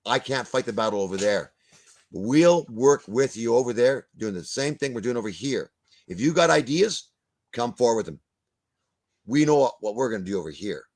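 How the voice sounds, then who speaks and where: A man's voice: medium pitch, expressive, normal speed. An older man, ranting bluntly as a guest in a video-call discussion, swearing and stumbling over repeated words. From Canada.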